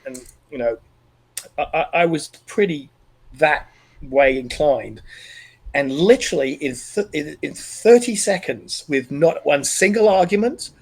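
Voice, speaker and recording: Earnest man, slightly high voice. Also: low-quality recording. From Australia. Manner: earnest, emotional, halting with restarts. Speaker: podcast guest. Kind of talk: personal storytelling in conversation.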